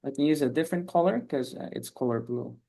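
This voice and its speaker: A teacher runs an online English class over a video call, with a voice at a middling pitch. The manner is patient and encouraging, full of quick praise as students answer. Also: creaky, mellow. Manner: encouraging, repeats "okay, very good".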